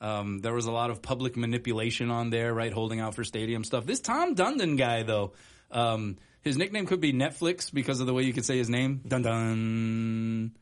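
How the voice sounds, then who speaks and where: A man's voice: mid-range voice, animated, a little fast. Guy hosting sports radio, chatty, laughs a lot, lots of uhs. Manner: laughs often, chatty with fillers. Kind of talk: casual sports talk. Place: radio studio.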